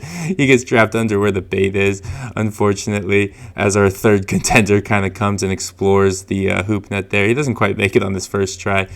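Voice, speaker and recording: Low, gravelly-voiced man narrating casually. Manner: chatty and chuckling, with many fillers. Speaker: fishing channel host.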